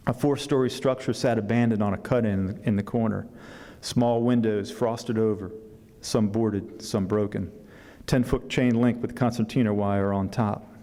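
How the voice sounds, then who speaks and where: A man, an author, reading a passage from his novel at a book fair symposium, with unhurried pacing and a few asides. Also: on the low side, warm tone. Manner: unhurried reading with fillers and restarts between passages. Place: symposium hall. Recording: long hall reverb.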